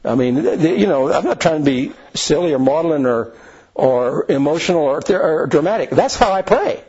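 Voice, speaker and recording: A pastor preaches in a relaxed, conversational way, stopping to restart his thoughts and asking the congregation questions. His voice is a bit husky and sits slightly high for a man. The recording sounds a little dull and lo-fi. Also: normal speed. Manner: folksy, earnest, frequent restarts and "you know". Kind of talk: conversational sermon.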